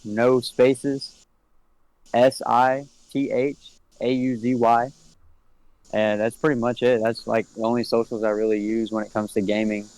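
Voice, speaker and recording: A young man as a podcast guest who streams games, chatting in a relaxed, laid-back way. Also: medium pitch, a little slow, clean tone, poor audio. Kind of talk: casual chat.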